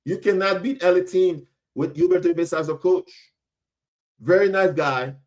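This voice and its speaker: A man's voice: high voice, moderate pace, a little mellow. A young adult man from Florida hosting a podcast, giving casual sports commentary in a blunt, emphatic way, often repeating himself for effect. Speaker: podcast host.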